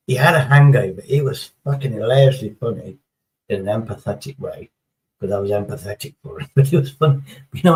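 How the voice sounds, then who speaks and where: A man's voice: fairly low pitch, darkish tone, low-quality recording. A man chatting casually on a live stream, rambling through a story and swearing heavily as he reads the chat.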